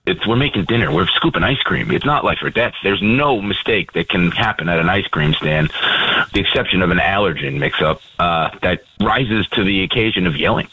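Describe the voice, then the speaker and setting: A man's voice: sits low, expressive, a little fast, bright, forceful tone, breathy edge, highs cut off. A plainspoken man, an ice cream shop owner speaking as a radio guest. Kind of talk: phone-in radio interview.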